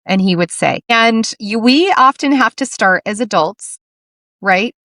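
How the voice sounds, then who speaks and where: A woman's voice: fairly high pitch, animated, a little slow, fairly bright tone, no echo, studio quality. A middle-aged woman hosting a podcast interview, talking earnestly and telling stories with quoted dialogue. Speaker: podcast host. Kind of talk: casual interview chat.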